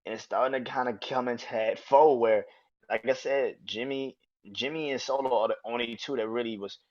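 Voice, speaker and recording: Profane, excitable man with a muffled sound. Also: medium pitch, fairly quick, faint music behind. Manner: excitable, profane, laughs often. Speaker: podcast host. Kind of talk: casual wrestling review.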